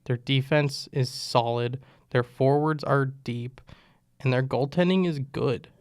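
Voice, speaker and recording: Young male podcast host, casual and joking, slightly strained voice, gravelly texture, dry close mic. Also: mid-range voice, slow pace, no room sound. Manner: loose, joking, with many restarts. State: losing his voice. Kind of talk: casual sports podcast chat.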